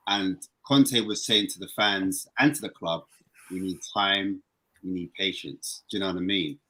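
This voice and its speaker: At normal speed, a man chats as a football-loving guest on a casual podcast. Excitable and animated, he pushes his voice higher whenever he gets heated.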